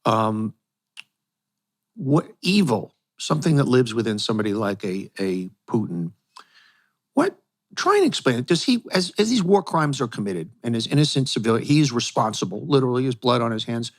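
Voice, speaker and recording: American man, interview host, halting questions, many restarts. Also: mid-range voice, very animated. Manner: halting, restarts, searching for words. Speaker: podcast host.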